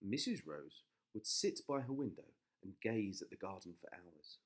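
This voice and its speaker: A father reading a bedtime story to his daughter, soft and expressive. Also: low-pitched. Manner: slow, soft, animated storytelling.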